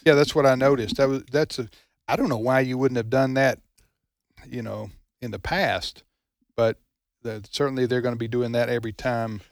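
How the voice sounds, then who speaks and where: A man's voice: mid-range voice, fairly even intonation, moderate pace, dry recording. A man hosting a radio talk show in a studio, chatting casually and chuckling often. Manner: easygoing, jokey, chuckles often.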